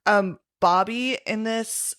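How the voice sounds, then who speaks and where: A woman's voice: mid-range voice, slow pace, fairly bright tone, clear, resonant tone. A woman co-hosting a podcast, chatting casually about films in an easygoing, agreeable way. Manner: easygoing, agreeable, many short yeahs. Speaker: podcast co-host.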